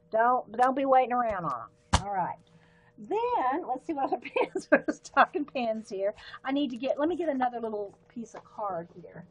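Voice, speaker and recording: A woman's voice: on the high side, rough recording. A woman, chatting casually on a live stream while sorting and showing her pens. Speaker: livestream host.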